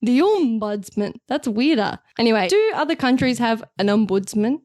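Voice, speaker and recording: A woman's voice: a little high, lively intonation, a little fast, a little mellow, no room sound, studio quality. A woman co-hosting a casual podcast, jokey and teasing, often giggling. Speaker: podcast co-host.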